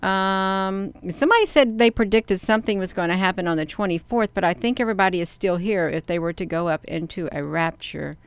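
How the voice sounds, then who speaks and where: A woman hosting a casual live stream. She talks expressively and excitably, speaking straight to her viewers as she comments. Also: medium pitch, a little fast, few pauses, smooth, no room sound. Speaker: channel host reading live chat.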